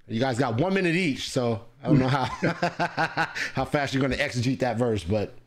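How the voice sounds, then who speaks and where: A man's voice: medium pitch, expressive, normal speed. A man moderating a live-streamed debate, casually reading out viewer questions and giving turns. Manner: casual, laid-back, reads viewer questions.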